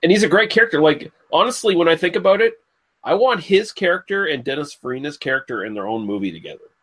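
A man's voice: fairly high pitch, lively intonation, quick pace, a bit bright, breathy edge. Laughing man chatting on a podcast. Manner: laughing, slips into silly put-on voices. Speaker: podcast co-host. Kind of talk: casual podcast chat.

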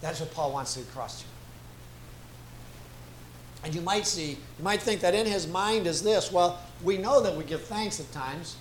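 Guy preaching a sermon, high voice, slow and emphatic, echoey church room. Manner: slow, emphatic, repeats key phrases. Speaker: guest preacher. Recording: echoey room with faint ambient noise.

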